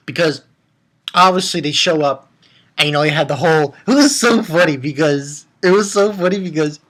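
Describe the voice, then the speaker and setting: Excitable rambling male anime reviewer. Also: normal speed. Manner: rambling and excitable, swings into high squeals. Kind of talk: casual episode review.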